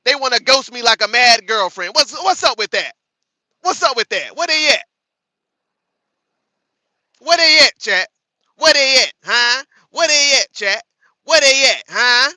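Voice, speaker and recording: High, sharp-voiced combative stream host. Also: male voice, lively intonation, normal speed, no room sound, poor audio. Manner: combative, profane, taunting chat; repeats lines for emphasis. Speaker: livestream host. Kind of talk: live reaction commentary to chat.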